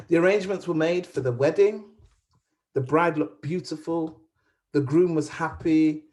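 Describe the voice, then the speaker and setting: A woman's voice: low voice, normal speed, a little mellow. A woman storyteller telling a folktale aloud in a rhythmic, dramatic way, with repetition. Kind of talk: oral storytelling.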